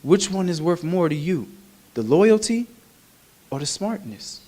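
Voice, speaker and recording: A man with a high-pitched voice preaches a sermon. His delivery is animated and humorous, and he stays conversational with the congregation. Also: a little slow. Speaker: minister.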